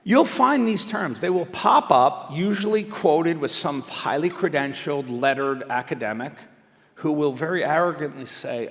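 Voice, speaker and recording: A middle-aged man giving an animated, conversational public speech, swinging between loud emphatic bursts and quiet asides. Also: on the high side, normal speed. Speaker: speaker at a live event. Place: large indoor venue. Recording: reverberant hall.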